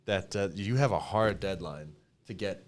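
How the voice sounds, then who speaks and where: A young man with a Canadian accent, a podcast guest telling stories in a casual, emotional, animated way with many fillers. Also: low voice, normal speed. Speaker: podcast guest, clothing company co-founder.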